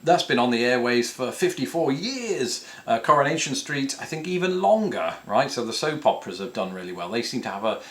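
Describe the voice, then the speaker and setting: A British man in his thirties chats to camera in a casual Q&A, voice sitting at an ordinary middle pitch. He jokes in a dry, self-mocking way, slipping in puns. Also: big pitch swings, fairly quick, hardly any pauses, a bit bright. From England. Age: 30s. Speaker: YouTube host answering viewer questions.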